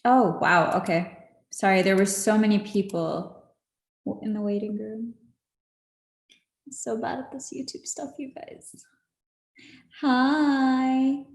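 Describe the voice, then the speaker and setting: A woman's voice: on the high side, fairly even intonation, slow, long pauses, reverberant. A woman hosting a casual livestream, chatty and laughing often with lots of fillers. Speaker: livestream host. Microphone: video call.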